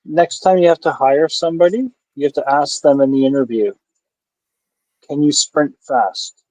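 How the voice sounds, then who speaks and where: A man's voice: a little high, normal speed, darkish tone, no room sound, rough recording. A man co-hosting a casual beer review chat, laid-back and teasing, laughing easily. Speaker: beer review show co-host.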